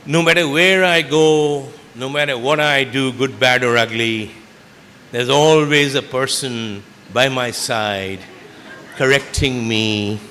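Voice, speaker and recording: A man's voice: medium pitch, fairly even intonation, slow pace, sharp tone, a little hiss or hum. A man giving a motivational speech to students at a school event, often quizzing the audience with questions. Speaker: chief guest speaker. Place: school auditorium. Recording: echoey hall, faint ambience.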